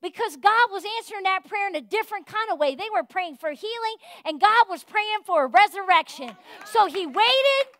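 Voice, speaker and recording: A woman pastor preaching a sermon in a fervent, folksy way, rising to loud exhortation and dropping to soft, confiding talk. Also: very high voice, lively intonation, normal speed, few pauses, no room sound. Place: church.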